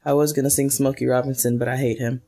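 A woman's voice: a bass voice, flat delivery, fast, mellow. A woman co-hosting a podcast, playfully reading listener emails aloud and joking around. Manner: playful, laughs often, jokes while reading. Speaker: podcast co-host.

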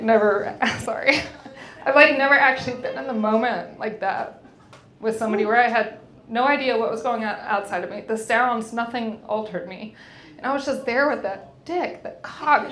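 A woman's voice: on the high side, a little hiss or hum. A young woman hosting a podcast, chatting candidly and frankly, swearing freely and laughing often. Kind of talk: candid casual chat. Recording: roomy echo.

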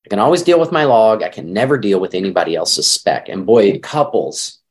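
A middle-aged man, a marriage counselor, explaining his ideas in an animated, conversational podcast interview. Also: fairly low pitch, fairly quick.

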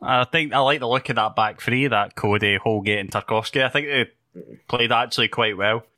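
A man's voice: mid-range voice, a little fast, pushed and bright. A man hosting a casual football podcast, rambling and laughing often. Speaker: podcast host.

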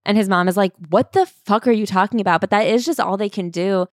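A woman co-hosting a podcast, recapping a memoir in a loose, chatty way full of "like". Her voice sits at an ordinary pitch and sounds close and dry, with no room around it. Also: quick pace, dry recording. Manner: relaxed storyteller, peppered with "like". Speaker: podcast co-host. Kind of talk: casual book-summary chat.

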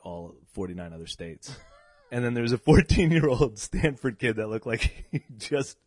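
A man telling stories in casual chat, animated and laughing, acting out the voices of people he quotes. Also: mid-range voice, normal speed, dry recording, studio quality. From New England. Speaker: guest, event emcee. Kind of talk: casual storytelling.

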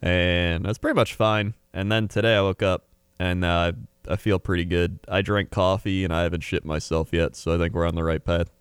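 A man's voice: sits low, steady tone, moderate pace, smooth, no room sound, studio quality. A man co-hosting a casual chat in a laid-back, rambling way. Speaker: podcast co-host.

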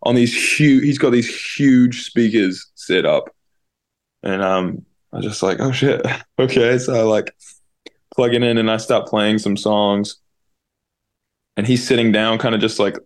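A man's voice: fairly low pitch, fairly even intonation, measured pace. A young man in his twenties with a New Zealand accent, a guest telling a story casually over a video call and peppering it with "like". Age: 20s. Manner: rambling, heavy use of "like". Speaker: guest musician.

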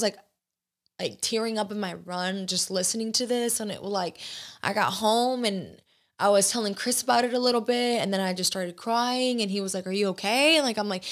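A woman's voice: mid-range voice, fairly bright tone. Chatty young woman podcast host. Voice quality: chatty, many fillers and restarts. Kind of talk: casual chat.

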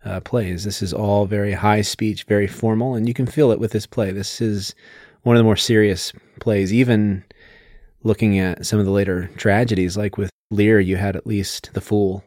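A man co-hosts a podcast on books, talking in a casual literary discussion where he explains things at length in a loose, lecturing way packed with fillers. His voice is fairly low and darkish, with fairly even intonation and a moderate pace. The studio-quality recording has no room sound.

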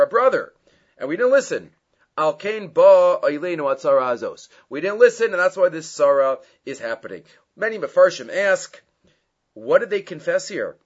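Man teaching a Torah class, lo-fi. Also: fairly high pitch. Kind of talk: Torah class, reading and explaining sources. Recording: dull lo-fi recording.

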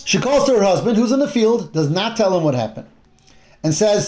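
A man with a high-set voice teaches a Torah class, bringing the Bible story to life. He acts out the characters' lines and drops in Hebrew terms as he goes. The room gives his voice a noticeable echo. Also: fairly quick. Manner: animated retelling with acted-out quotes and Hebrew terms. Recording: roomy echo.

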